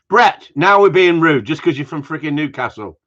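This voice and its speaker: A teasing man chats away on a casual live stream, rambling from one joke to the next. His voice is slightly husky, and the sound is dull and lo-fi. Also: a little high, fairly bright tone. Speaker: host of a live gundog Q&A stream. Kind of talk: casual banter with live viewers. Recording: dull lo-fi livestream audio.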